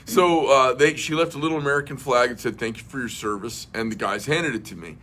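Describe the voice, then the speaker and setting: A man's voice: medium pitch, brisk, pushed and bright. A middle-aged man hosting a casual livestream chat, a rambling storyteller who swears bluntly and fills with many uhs and restarts. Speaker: host.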